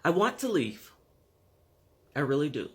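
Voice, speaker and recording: A man in his fifties or sixties talks candidly to his own camera at home, in a slightly higher voice than most men. He speaks slowly and frankly, pausing often to search for the right words. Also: big pitch swings. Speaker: vlogger. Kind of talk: candid personal vlog monologue.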